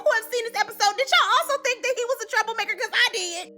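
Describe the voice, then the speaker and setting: A woman's voice: very high voice, very animated, fast, bright, forceful tone, faint music behind. A woman giving a casual comedic recap, sassy and slangy, talking straight to her viewers.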